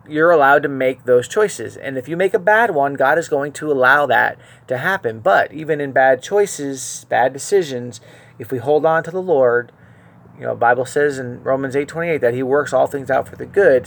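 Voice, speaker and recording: A male preacher teaching scripture verse by verse, his voice gravelly and rough at the edges. He talks earnestly, dropping into soft asides and then leaning hard on key lines for emphasis. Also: on the high side. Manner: earnest, shifts between quiet asides and emphatic stressed lines.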